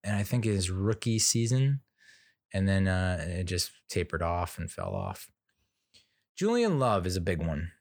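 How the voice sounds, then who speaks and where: A man with a fairly low voice talks through his team's roster in a loose, rambling monologue. He restarts sentences and says what he thinks without much polish. The sound is dry and close. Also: wildly swooping pitch, a little slow, gravelly, darkish tone, no room sound. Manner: rambling, opinionated, many fillers and restarts. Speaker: sports fan commentator. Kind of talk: casual commentary monologue.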